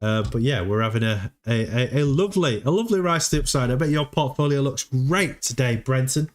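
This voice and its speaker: A man's voice: medium pitch, animated, a little fast. A man hosting a casual livestream, chatty, often repeating words and laughing as he talks. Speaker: livestream host.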